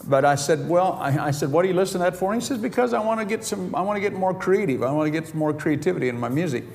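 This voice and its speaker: A man's voice: sits high, lively intonation, racing, vocal fry, darkish tone. A middle-aged man preaching a sermon, telling stories with chuckles and quoting conversations in his own voice. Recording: reverberant hall, faint background noise.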